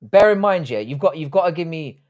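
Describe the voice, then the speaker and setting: A man's voice: fairly high pitch, lively intonation, brisk, darkish tone. A man hosting a live stream, casually reading out chat and trading profane mock insults with viewers. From England.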